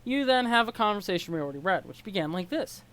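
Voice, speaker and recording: A woman's voice: medium pitch, expressive, fast talker, fairly bright tone, poor audio. A woman doing a casual read-along of a web comic, chatty and rambling with self-corrections.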